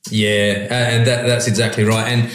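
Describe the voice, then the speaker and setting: A man, a pastor and sheep farmer, talking in a relaxed, rambling way with frequent restarts. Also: on the low side, moderate pace. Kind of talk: casual conversation. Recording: roomy echo.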